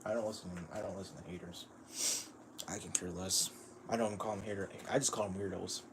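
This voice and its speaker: A man with a fairly low voice gives loose, casual livestream commentary on a manga he is reading. He rambles, stacks up fillers and breaks into chuckles as he goes. A faint hum of noise sits under his desk-mic sound. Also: fairly even intonation, a little fast. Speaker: streamer reviewing manga.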